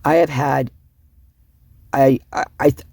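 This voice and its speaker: Husky, rambling sleep-deprived woman. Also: a bass voice, steady tone, slow, mellow, no echo. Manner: rambling, many restarts, emotional. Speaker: online commentator. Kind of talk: casual rambling commentary.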